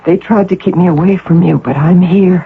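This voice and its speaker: A woman's voice: fairly low pitch, fairly quick, gravelly. A coaxing, possessive false mother. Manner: soft, coaxing, insistent. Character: intense, possessive woman posing as a devoted mother. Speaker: visitor claiming to be the patient's mother. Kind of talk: 1980 radio drama acting. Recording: narrow phone-like radio broadcast with faint hum.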